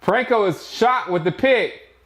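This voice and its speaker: A man casually reacting out loud to a sports draft, laughing often and swinging between disbelief and grumbling. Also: high voice, unhurried. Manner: animated, laughing, jumps between shock and grumbling. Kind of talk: casual live reaction chat.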